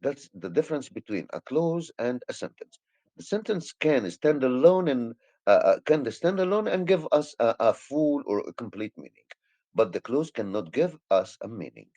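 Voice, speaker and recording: A man's voice: mid-range voice, very animated, normal speed, warm tone, no room sound. A male English teacher with an Egyptian accent, a native Arabic speaker, explaining grammar hesitantly with many fillers and restarts.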